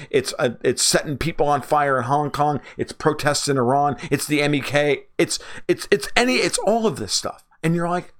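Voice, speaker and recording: A middle-aged American man hosting a livestream. He rants with exasperation and swears freely. His voice sits at an ordinary middle pitch. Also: fairly bright tone. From United States. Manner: angry, exasperated rant with frequent profanity. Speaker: political commentator. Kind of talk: livestream monologue.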